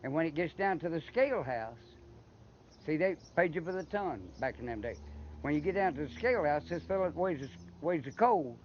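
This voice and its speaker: Brisk and animated, his voice on the high side, an older interviewee with an Appalachian accent from Eastern Kentucky rambles through long stories. He restarts words often in this casual talk, which is recorded slightly muffled with faint background noise.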